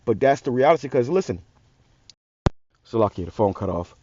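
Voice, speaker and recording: A man's voice: mid-range voice, sing-song, normal speed, noisy background. Heated profane man preaching, lo-fi. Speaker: religious channel host. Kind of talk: ranting street sermon.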